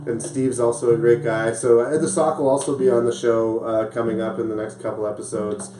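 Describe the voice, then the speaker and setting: A man's voice: mid-range voice, level tone, fairly quick, warm tone. Give me a man hosting a casual talk show, chatty and laughing, recorded echoey from a distance. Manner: laughs often, loose and chatty. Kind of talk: casual chat. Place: small room with live audience.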